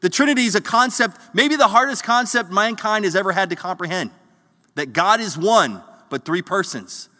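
Man, pastor preaching a sermon, high and bright voice, earnest, restarts words, long echo of a church hall. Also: lively intonation, normal speed. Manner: earnest, repeats words when searching for them.

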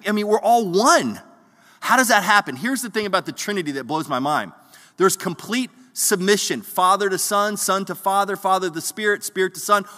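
A man preaches to his congregation in an earnest, conversational way, often stumbling and repeating words as he searches for them. His voice sits high and sounds bright and forceful. The sound carries the long reverb of a church hall. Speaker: pastor. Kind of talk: sermon.

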